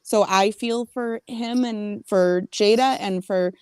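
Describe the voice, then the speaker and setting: A woman's voice: mid-range voice, a little mellow, clear, resonant tone, no echo. A woman chats frankly on a panel and swears freely. She jumps in to make her point. Her voice sits in the middle range and sounds close and dry. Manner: frank, swearing, quick to jump in. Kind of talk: casual panel chat.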